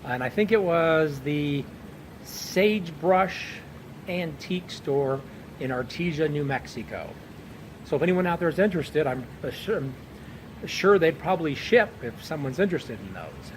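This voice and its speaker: Outdoors on a bench at night, a pipe-smoking vlogger chats casually, telling a rambling story with chuckles. His voice is a little high and expressive at a normal speed. The recording is low quality, with slight background noise.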